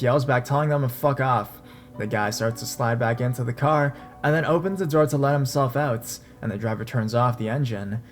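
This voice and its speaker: A man narrating a true horror story in a steady, casual storytelling manner. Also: mid-range voice. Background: faint dark background music.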